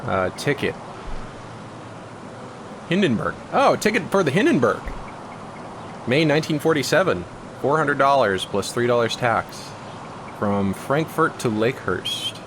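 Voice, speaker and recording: A man's voice: mid-range voice, sing-song, unhurried, pauses often, noisy background. A man casually commenting as he plays a game, reading on-screen text aloud. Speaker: let's-play host.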